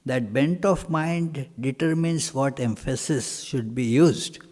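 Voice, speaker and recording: Male monk-teacher answering questions, unhurried and halting, full of fillers, reverberant hall sound. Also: medium pitch, darkish tone. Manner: halting, many pauses and fillers, emphatic repetition.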